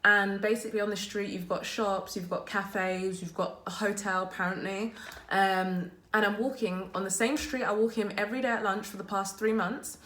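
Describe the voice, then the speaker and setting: A woman's voice: medium pitch, fairly even intonation, a bit bright, roomy sound. A woman vlogger telling an exasperated story to camera from a messy makeshift office. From abroad, living in Germany. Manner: exasperated, fast, full of "like" and "literally". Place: small makeshift office at work.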